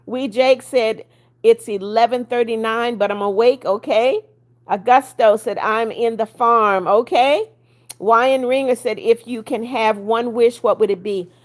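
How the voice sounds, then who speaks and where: A woman's voice: on the high side, unhurried. A woman in her seventies hosting a casual livestream, greeting viewers by name and reading their comments aloud, blunt when she scolds. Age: 70s. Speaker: livestream host.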